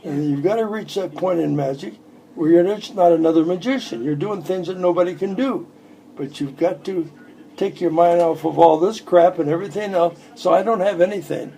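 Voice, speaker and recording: A man's voice: high-pitched, normal speed, creaky, dark tone, slight background noise, poor audio. A man in his eighties, a magician, chatting at home and telling rambling jokes between tricks. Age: 80s. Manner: joking, rambling storyteller. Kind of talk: casual chat with demonstrations.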